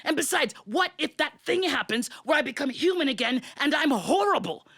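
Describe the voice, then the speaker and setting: Woman doing a fretful high-pitched beast. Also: sing-song, normal speed, gravelly, fairly bright tone, heavily acted. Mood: anxious. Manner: fretful, pleading. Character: anxious lovesick male beast.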